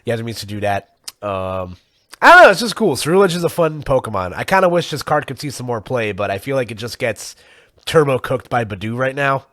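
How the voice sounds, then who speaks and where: Rambling podcast host, dry close sound. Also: male voice, medium pitch, big pitch swings, a little fast, a bit bright, no room sound. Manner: rambling, full of fillers, chuckles often. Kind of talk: casual chat.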